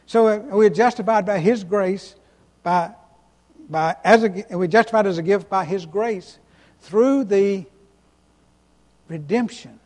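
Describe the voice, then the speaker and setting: A man's voice: sits high, measured pace, long pauses, a little mellow, long reverb tail. A man preaching a sermon as pastor, stressing single words, repeating himself and asking the congregation to answer back. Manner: emphatic, repeats words, asks the congregation questions.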